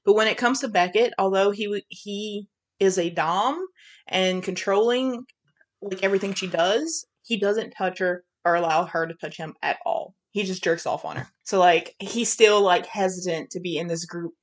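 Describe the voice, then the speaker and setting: A woman's voice: medium pitch, moderate pace. A woman with a Southern accent co-hosting a podcast, bluntly recapping a romance novel's plot in casual, profane chat. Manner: frank, profane, summarizing plot with giggles. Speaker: podcast co-host. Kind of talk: casual book review chat.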